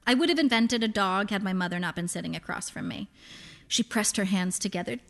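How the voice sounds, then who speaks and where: A woman's voice: medium pitch, a little fast, fairly bright tone. A woman narrating literary fiction in a dry, wry storytelling manner. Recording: long hall reverb.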